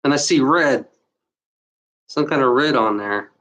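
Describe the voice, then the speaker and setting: A woman from Germany giving an emotional unscripted monologue, out of breath and talking in halting, restarting bursts. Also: rumbling low, fairly bright tone. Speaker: channel host.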